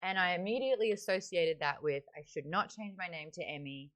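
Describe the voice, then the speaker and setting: An Australian woman speaks briskly in a fairly low, slightly bright voice as host of a live-stream book club. Chatting casually, she reads out viewer comments into a desk microphone that sits next to her webcam.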